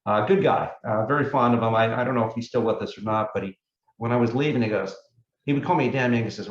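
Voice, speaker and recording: A man speaking as a meteorologist guest in a casual interview, measured and reflective as he explains things. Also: mid-range voice, roomy sound, muffled recording.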